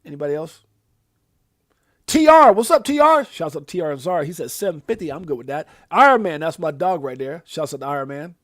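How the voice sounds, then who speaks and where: A man hosting a live stream in a casual, hyped way, rattling off shout-outs to his viewers. His voice sits a little high for a man, with sudden loud jumps upward when he gets excited. The sound is dry and close, with no room around it. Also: fairly quick, no room sound. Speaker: livestream host.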